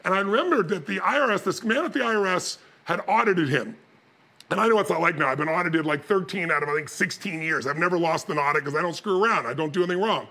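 A man giving a motivational seminar talk, telling stories with animated energy and bursts of shouting. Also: high voice, fast talker. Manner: animated storytelling, shouting and mimicking others. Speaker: motivational speaker.

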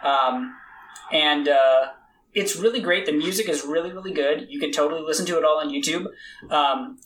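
Male podcast co-host, casual rambling delivery, slightly higher voice. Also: normal speed, a bit bright, low-quality recording. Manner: rambling, joking, lots of fillers. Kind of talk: casual chat.

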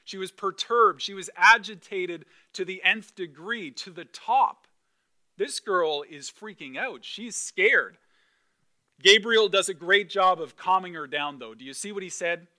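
High, bright-voiced male preacher. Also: unhurried. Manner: animated, conversational, with emphatic repetition. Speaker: pastor. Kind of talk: sermon.

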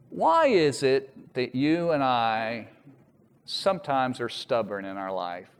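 A man preaching a sermon, telling a story with lively voiced quotes. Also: mid-range voice. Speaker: pastor. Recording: echoey hall with long reverb.

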